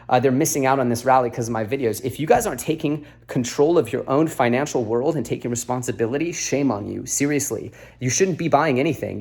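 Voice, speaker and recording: A man's voice: mid-range voice, a little mellow. A man hosting a video update, a little out of breath after a workout, talking earnestly and bluntly with lots of fillers. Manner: earnest, lecturing, blunt advice with many fillers. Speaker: crypto video host. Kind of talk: casual straight-to-camera update. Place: beside an exercise machine.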